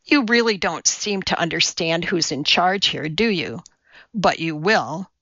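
A woman's voice: on the low side, expressive, measured pace, fairly bright tone, no echo, lo-fi sound, exaggerated voice. A woman voicing a domineering, menacing male TV executive who speaks with contempt. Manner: bullying, contemptuous.

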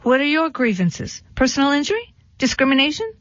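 Scheming male fox lawyer, smooth salesman patter, slightly raised voice, woman doing him. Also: sits high, sing-song, fairly quick, no room sound, voice pushed up. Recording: dull dry lo-fi recording.

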